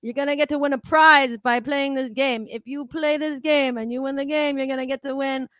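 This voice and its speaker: A brash, hyped-up male emcee at a family resort pool barks at the crowd to cheer, as a woman acts him out. The voice sits high and loud, with a bright, crisp edge. It is close and dry. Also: steady tone, fairly quick, no echo. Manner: brash, pushy crowd-rousing shouts.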